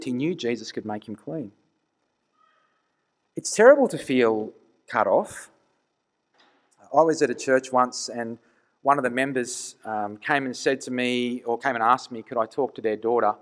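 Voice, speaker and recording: A man's voice: medium pitch, moderate pace, long pauses. A man preaching a conversational sermon, earnest and full of rhetorical questions.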